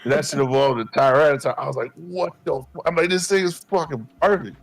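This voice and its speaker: A man, co-hosting a podcast and telling animated, profane stories, acting out his past self. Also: fairly high pitch, fast, creaky. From Queens, New York. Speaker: podcast co-host. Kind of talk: casual chat.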